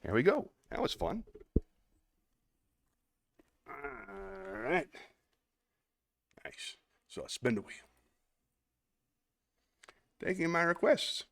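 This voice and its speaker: A man's voice: high voice, wildly swooping pitch, slow pace, creaky, long pauses, no room sound. Chatty upbeat man hosting a livestream. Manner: upbeat, chatty, laughs between bits. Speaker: livestream host. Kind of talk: live-stream performance and chat.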